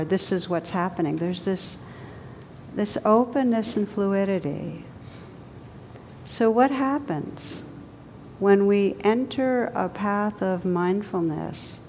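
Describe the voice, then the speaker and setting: A woman meditation teacher giving a dharma talk, telling stories and laughing at her own punchlines. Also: darkish tone. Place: large meditation hall. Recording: reverberant hall, muffled, faint rumble.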